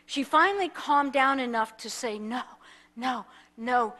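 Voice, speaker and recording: A woman's voice: high-pitched, a little slow. Woman minister telling a story in a sermon. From United States. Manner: animated storytelling, acting out the people in it. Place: church sanctuary.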